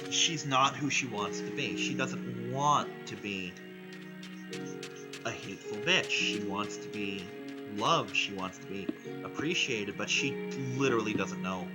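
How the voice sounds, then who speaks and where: A man's voice: fairly low pitch, rough recording. A man giving a casual, rambling and enthusiastic recap of a cartoon episode, peppered with swearing. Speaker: vlogger. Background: music playing.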